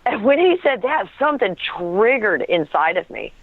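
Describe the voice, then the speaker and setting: A woman's voice: medium pitch, sing-song, normal speed, dry recording. A woman telling a personal story as an interview guest, earnest and searching for words, often breaking into a laugh. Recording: tinny phone line, dry.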